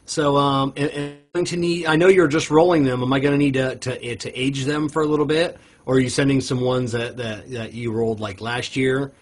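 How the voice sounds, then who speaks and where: A man's voice: mid-range voice, steady tone, a little fast, hardly any pauses. A man co-hosting a casual cigar podcast, rambling with many fillers and restarts. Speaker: podcast co-host.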